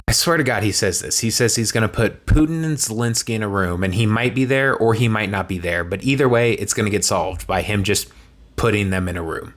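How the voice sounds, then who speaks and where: A man rattles off a political recap at a brisk clip, his voice sitting fairly low. He slips in deadpan, mocking asides as he goes, keeping a dry, sarcastic edge throughout. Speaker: political commentary creator.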